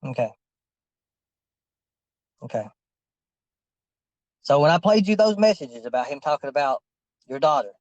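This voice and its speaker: A man's voice: fairly high pitch, animated, a little slow, long pauses, dry recording, lo-fi sound. A man in a heated confrontation, insistent and preachy, repeating his questions over and over.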